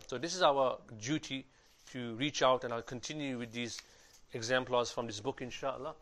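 A male preacher speaks quickly, with a voice of middle pitch. He tells a story with quoted dialogue and breaks into recited Arabic. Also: fairly bright tone. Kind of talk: sermon storytelling.

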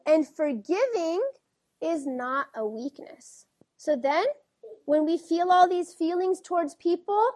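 A woman teacher reading a picture book aloud to children, gently asking them questions as she goes. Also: very high-pitched, expressive, a little slow, no room sound, studio quality. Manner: gentle, questioning, keeps checking in with the kids.

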